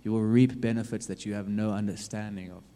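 Man preaching, low mellow voice, earnest and repetitive, swinging between loud and hushed, long hall reverb. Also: steady tone, fast. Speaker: youth preacher. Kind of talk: sermon.

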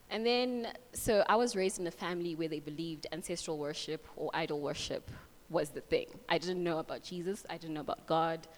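Earnest young woman in a reverberant hall. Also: lowish voice. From Africa. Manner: earnest, heartfelt, many fillers like "like" and "so". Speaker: speaker sharing a testimony. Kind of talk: casual Bible reflection and personal testimony.

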